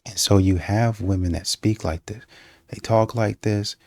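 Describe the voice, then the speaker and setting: Low gravelly man in casual commentary. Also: a little slow, no room sound, clean studio sound. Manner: repetitive and emphatic, with many fillers and restarts; breaks into mocking, animated quoting. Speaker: reaction commentator.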